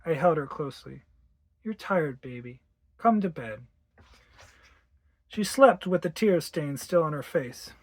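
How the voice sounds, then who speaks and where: A narrator reading a ghost story aloud in an expressive way, acting out the dialogue. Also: medium pitch, no room sound. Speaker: audiobook narrator.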